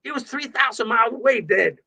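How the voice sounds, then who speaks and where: A man from New York with a high-pitched voice, talking in a loose, rambling way. He swears freely and laughs a lot while telling stories. The sound comes through a video call. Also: animated, brisk, vocal fry, sharp tone, low-quality recording. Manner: rambling, profane, laughs often. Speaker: guest musician. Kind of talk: casual livestream chat.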